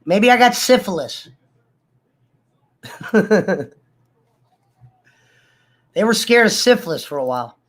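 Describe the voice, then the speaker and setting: A man's voice: high-pitched, very animated, slow pace, pauses often. A man with a cough chatting casually to viewers, swearing, joking and laughing between fits of coughing. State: coughing, sick. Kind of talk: casual rambling chat to viewers.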